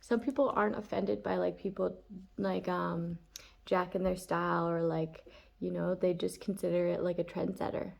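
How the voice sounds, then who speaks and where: A woman's voice: lowish voice, fairly even intonation, normal speed, creaky. A woman giving a casual, chatty tarot reading, laughing often and full of fillers. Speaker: tarot reader.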